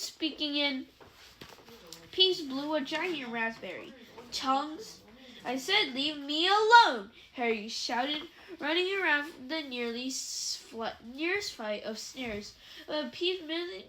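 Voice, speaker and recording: High-voiced woman reading a novel aloud. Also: animated, bright, forceful tone, a little hiss or hum. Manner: halting, with self-corrections. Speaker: reader.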